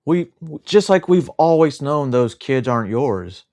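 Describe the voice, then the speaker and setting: A man's voice: medium pitch, expressive, measured pace, warm tone. A man co-hosting a livestream, speaking in an indignant, sarcastic way. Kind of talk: casual livestream chat.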